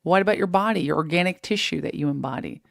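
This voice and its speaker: Woman doing a live fitness stream, pumped up and preachy, kinda low voice, dry close sound. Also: fast talker, gravelly, dry recording. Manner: energetic, preachy motivational, faith-based. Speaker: host of a live fitness show. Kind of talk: live-stream talk reading viewer comments.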